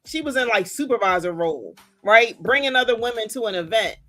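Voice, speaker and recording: Chatty higher-voiced woman host. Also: expressive, brisk, bright, forceful tone, soft background music. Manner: chatty, enthusiastic. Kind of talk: event recap hosting.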